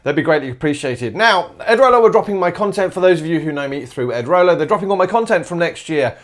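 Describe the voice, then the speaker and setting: A man's voice: on the high side, animated, quick pace. An Australian man, a maths teacher, chattily talking himself through exam solutions step by step with informal asides. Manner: casual asides and fillers like "all right" and "uh". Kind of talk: worked exam solutions, thinking aloud.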